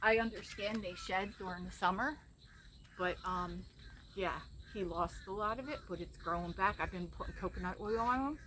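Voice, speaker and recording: A woman's voice: normal speed, fairly bright tone. A woman casually chatting while filming outdoors in her backyard, talking viewers through her setup. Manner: chatty, calls to her cat in a high sing-song. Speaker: vlogger. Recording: outdoor background noise.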